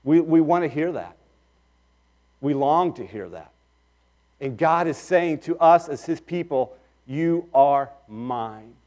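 A middle-aged pastor preaching a sermon, swinging between loud emphatic lines and quiet asides. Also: male voice, a little high, expressive, a little slow, long pauses.

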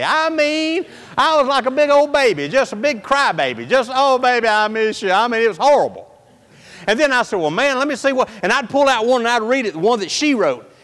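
A high-voiced man tells a personal story as a sermon. His delivery is folksy and animated, jumping up to loud outbursts and dropping to hushed, near-whispered lines. The sound carries a long hall reverb. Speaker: preacher.

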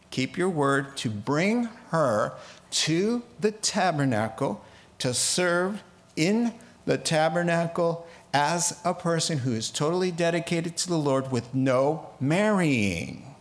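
A man delivers a relaxed expository sermon, taking his time over each point. His voice sits a little high, and he slips into the voices of the people in the story before stepping back to comment. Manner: animated, acts out biblical characters with quick asides and laughs. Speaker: preacher.

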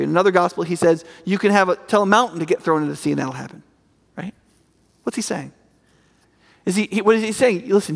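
A man's voice: high voice, in a large hall. A man preaching a sermon in a conversational, emphatic way, often checking in with "right?".

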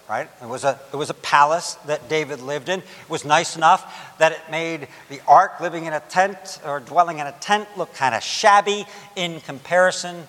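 Animated preacher in an echoing hall. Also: male voice, a little high. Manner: animated, voices God's words with emphasis. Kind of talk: sermon on scripture.

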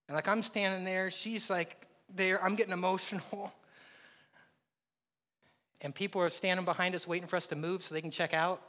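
A man preaching in a church sanctuary, his high, bright voice carrying a long reverb from the hall. He tells stories in an easy, conversational way and pokes fun at himself. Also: steady tone, moderate pace. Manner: conversational storytelling, self-deprecating. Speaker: pastor. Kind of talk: sermon.

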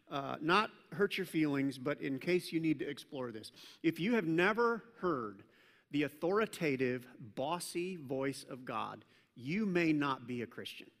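Animated male pastor in a reverberant church. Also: a little high. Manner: animated, playful storytelling with sudden loud mock commands. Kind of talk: sermon. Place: church sanctuary. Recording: long reverb from a large church hall.

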